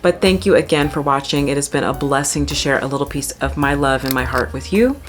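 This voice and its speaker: A woman's voice: extremely low pitch, a little fast. A young woman who is an opera singer and channel host, chattily and enthusiastically explaining an opera plot.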